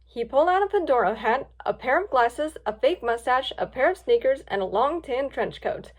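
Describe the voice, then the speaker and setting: A woman reading a story aloud with plenty of lift. Her voice is high and moves up and down a lot as she brings the scenes to life. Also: normal speed. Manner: lively, expressive reading. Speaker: story reader.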